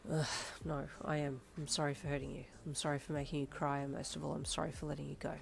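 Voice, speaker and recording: A woman voicing a brooding, teasing young man in a fan-fiction audio story, speaking in a low, flat murmur. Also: moderate pace, creaky. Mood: somber.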